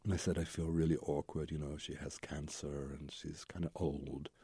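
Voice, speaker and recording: A man's voice: a bass voice, level tone, moderate pace, warm tone, husky, no echo. A man, a Zen Buddhist teacher, telling his own story as an interview guest in a candid, rambling way with tumbling lists of memories.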